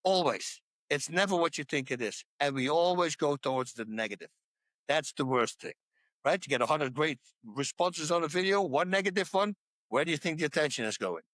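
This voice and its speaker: A man's voice: fairly high pitch, lively intonation, fairly quick, a bit bright, dry recording. A man talking as a podcast guest in a casual interview about faith, pressing his points home with repetition. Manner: emphatic, repeats points to hammer them home.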